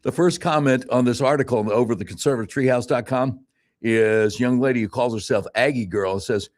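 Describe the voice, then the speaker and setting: A male talk radio host who reads the news aloud with sarcastic asides and then tells his own stories in an animated, emphatic way. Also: medium pitch, brisk. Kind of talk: casual talk radio commentary. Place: radio studio.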